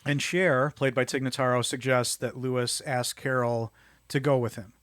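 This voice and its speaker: A man co-hosting a podcast, chatting casually about a film and acting out characters' lines in quick impressions. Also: medium pitch, steady tone, fairly bright tone, no echo. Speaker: podcast co-host.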